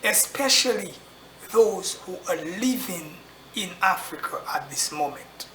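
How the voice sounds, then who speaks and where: Man, impassioned address to camera, bright edge, slow deliberate delivery, echoey room recording. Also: high voice, expressive, a little hiss or hum. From Caribbean. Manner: slow, grave, repeats rhetorical questions. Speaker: actor addressing his audience. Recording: roomy echo, faint ambience.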